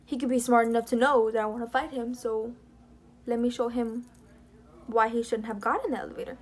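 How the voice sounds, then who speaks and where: A woman's voice: on the high side, fairly even intonation, a little fast. A young woman vlogging, telling a story in a rambling, heated way and acting out what others said. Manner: rambling, heated, retelling drama with quoted dialogue. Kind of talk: casual commentary vlog.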